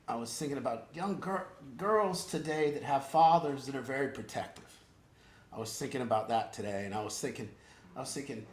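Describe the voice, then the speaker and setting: A man's voice: mid-range voice, echoey room. A man leading an informal group talk as a recovery program counselor, earnest and emphatic, rambling with restarts.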